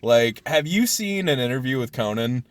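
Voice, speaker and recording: A man hosting a casual podcast chat, excitable, laughing often and breaking off mid-sentence to start over. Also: mid-range voice, normal speed, no echo. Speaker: podcast host.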